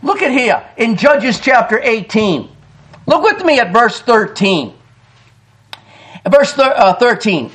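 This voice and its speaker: A man's voice: very high voice, big pitch swings, takes it slowly, pauses often, fairly bright tone. A man preaching a sermon. He reads old-style scripture aloud with emphasis and addresses his listeners as folks.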